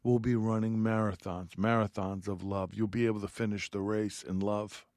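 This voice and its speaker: A man's voice: on the low side, flat delivery, moderate pace, darkish tone, dry recording, studio quality. A man giving a heartfelt radio Bible teaching, reading scripture aloud and speaking earnestly.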